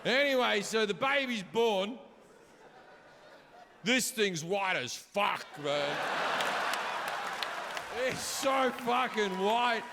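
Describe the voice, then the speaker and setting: A man's voice: sits high, expressive, very slow, creaky, long pauses, a crowd in the background. A middle-aged man performing a stand-up set, telling stories in a brash, profane way. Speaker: stand-up comedian. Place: comedy stage before a live audience. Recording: live hall reverb, audience noise.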